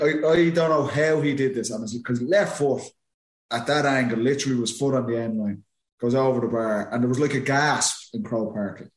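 A man in his thirties with an Irish accent, co-hosting a podcast and telling lively anecdotes. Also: mid-range voice. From Ireland. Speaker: podcast co-host, former footballer. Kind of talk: casual chat. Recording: roomy echo.

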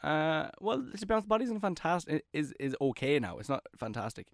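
A man in his thirties co-hosting a podcast in casual chat, jokey and quick to defend himself. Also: fairly high pitch, very animated, dry recording, studio quality. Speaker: podcast co-host.

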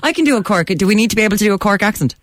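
A woman's voice: medium pitch, lively intonation, rapid-fire, no echo, clean studio sound. A woman hosting a radio show, teasing and playful as she interviews guests and takes calls. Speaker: radio host.

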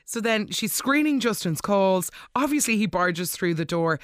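Recap vlogger: chatty, animated, mid-pitched voice, dry close recording. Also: dry recording. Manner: animated, gushing, quick asides. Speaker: soap opera recap host. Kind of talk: casual episode recap.

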